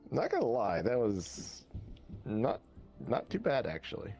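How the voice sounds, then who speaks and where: A man's voice: mid-range voice, huge pitch swings, a little slow, gravelly, a little mellow, faint music behind. A man joking around in character during an online roleplay, teasing and wry.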